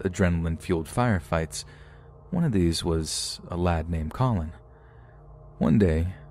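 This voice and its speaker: A man narrating scary true stories in a steady, scripted storytelling manner. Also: low voice, a little hiss or hum.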